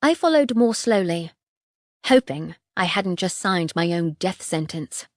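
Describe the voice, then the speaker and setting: A woman narrating a first-person fantasy audiobook in a tense, measured way. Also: fairly low pitch, lively intonation, dry recording, clean studio sound.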